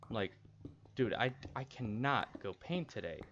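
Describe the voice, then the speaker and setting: A man's voice: lowish voice, lively intonation, measured pace, a bit bright. A young man streaming, telling a personal story casually, rambling and candid with many restarts. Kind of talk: casual storytelling while gaming. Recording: dull lo-fi stream audio, faint noise.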